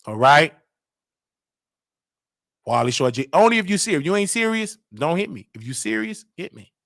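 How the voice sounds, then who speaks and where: A man hosting a casual live show, talking in an animated, sing-song way that swings from loud outbursts to hushed asides, with a Southern US accent. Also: on the high side, moderate pace, creaky, no echo. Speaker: host. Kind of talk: casual livestream talk.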